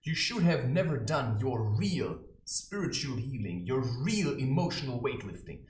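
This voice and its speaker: A man holds forth in a preachy, mocking monologue, with a tone that swings widely and theatrically. He talks to camera from his own room. The room adds a clear echo to his voice. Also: mid-range voice, sing-song, measured pace, a little mellow. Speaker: self-styled spiritual advisor. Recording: roomy echo.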